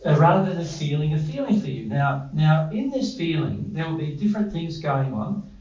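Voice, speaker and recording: A man with a somewhat high voice runs a group workshop, asking his listeners questions and joking at his own expense. He sounds distant from the mic, with a roomy echo around him. The audio is dull and lo-fi. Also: animated, moderate pace, warm tone. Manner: conversational, quizzes the audience, self-deprecating asides. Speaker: workshop presenter. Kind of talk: interactive group teaching. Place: indoor room with a group. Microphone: distant room mic.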